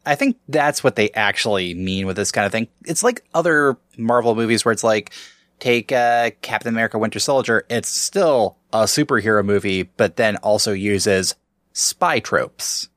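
A man's voice: on the low side, animated, moderate pace, fairly bright tone, dry recording, studio quality. A man co-hosting a casual podcast, playful and full of movie references. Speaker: podcast co-host.

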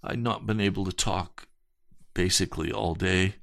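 A male pastor giving an earnest, emphatic broadcast sermon testimony, with slow, deliberate phrasing. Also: low voice, steady tone, gravelly, a bit bright, dry recording.

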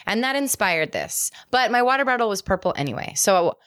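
A woman's voice: mid-range voice, very animated, brisk, fairly bright tone. A woman co-hosting a podcast, chatting in a playful, bubbly way. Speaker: co-host. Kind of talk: casual chat.

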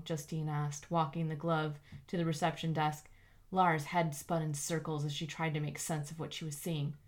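Woman audiobook narrator, low-middle pitch, even and measured delivery.

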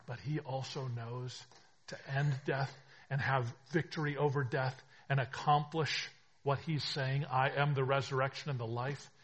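A man preaching a sermon as pastor, swinging between hushed reflection and emphatic, rising declarations. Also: medium pitch, steady tone, a little slow, slight background noise.

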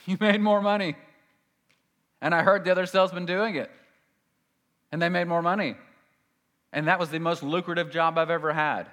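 A man preaching a sermon in a conversational way, moving from loud emphasis to quiet asides. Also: a little high, long reverb tail. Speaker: pastor.

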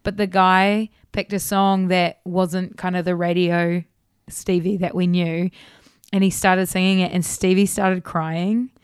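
NZ woman, 30s, singer guest; bubbly storyteller, lots of fillers, smooth tone, close dry mic. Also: on the low side, measured pace, dry recording. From New Zealand. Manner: chatty and animated, laughs often, many fillers. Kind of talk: casual interview chat.

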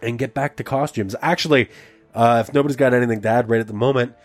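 A man's voice: medium pitch, fairly even intonation, fast, faint music behind. Joking, loose-talking male podcast host. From Canada. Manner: loose, joking, swears freely. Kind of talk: casual podcast banter.

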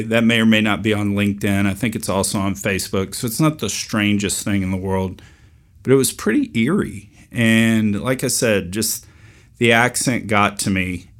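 A middle-aged man with a fairly low voice hosts a podcast and tells a long story. He keeps a dry, wry, deadpan manner throughout. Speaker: podcast host. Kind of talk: storytelling monologue.

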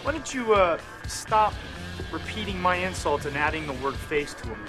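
A man's voice: fairly high pitch, sing-song, normal speed, music in the background. An actor playing a sneering man in a bar who mocks and insults another patron. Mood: mocking. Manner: mocking, insulting. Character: sneering male bar patron picking a fight.

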